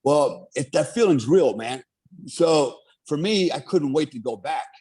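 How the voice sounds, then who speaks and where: A man's voice: on the high side, animated, a little slow, a little mellow, breathy edge. A middle-aged man who is a military veteran, telling his story in a casual interview with an earnest, rambling manner. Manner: rambling, many fillers, earnest.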